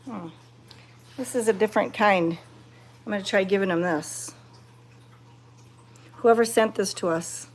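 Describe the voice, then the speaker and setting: A woman chatting to her viewers while petting cats, excited and fond, cooing softly to the animals. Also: medium pitch, a little slow, pauses often. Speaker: cat sanctuary vlogger.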